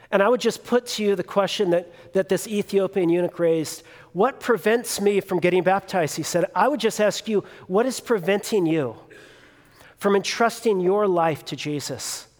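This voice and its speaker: A man in his thirties preaching a sermon, telling a personal story in a conversational way with fillers and restarts. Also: high-pitched. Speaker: pastor. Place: church sanctuary. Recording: long hall reverb.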